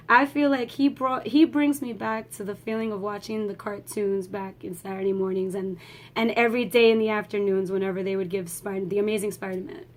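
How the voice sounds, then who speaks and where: A woman giving a casual, emotional movie review vlog, swearing freely and laughing as she talks. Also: on the high side.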